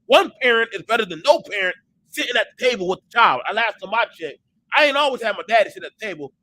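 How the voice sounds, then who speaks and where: Profane, animated man with a bright, lively voice. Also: high-pitched, fast talker, poor audio. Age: adult parent. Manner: profane, emphatic, animated, mimics others in quotes. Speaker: online talk show host. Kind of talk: heated casual rant.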